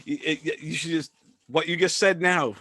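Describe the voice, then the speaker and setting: Relaxed man hosting a casual interview. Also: a little high, normal speed, no room sound, studio quality. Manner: relaxed, loose questions full of fillers. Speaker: podcast host.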